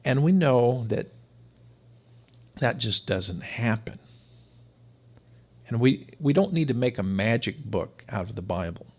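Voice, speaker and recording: A man's voice: mid-range voice, lively intonation, unhurried, long pauses. A man teaching to a live audience, explaining his points emphatically and sometimes repeating words for stress. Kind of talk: live-streamed lecture.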